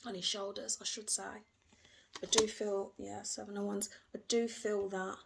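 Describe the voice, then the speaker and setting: A woman giving an emotional, gentle tarot reading, repeating herself often. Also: medium pitch, level tone, normal speed, vocal fry, heavy background noise. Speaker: tarot reader.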